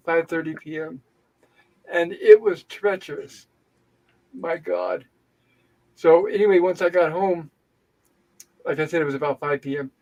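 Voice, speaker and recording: A high-pitched man hosting an open-mic livestream. He tells his story in an animated, indignant way, venting as he goes, in a loose conversational style. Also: dull audio. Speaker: livestream host. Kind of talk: casual storytelling chat. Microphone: home livestream setup.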